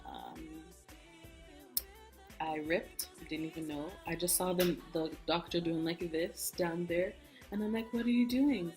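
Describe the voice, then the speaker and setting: A woman's voice: on the low side, unhurried. A young woman vlogger candidly telling a personal story in casual chat, acting out what people said. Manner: candid, animated storytelling, acts out quoted speech. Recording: soft music bed behind.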